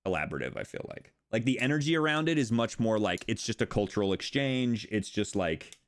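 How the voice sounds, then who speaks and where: A young American man streaming casual chat, rambling and animated, swearing and laughing often as he talks. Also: lowish voice, fairly quick, clear, resonant tone. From United States.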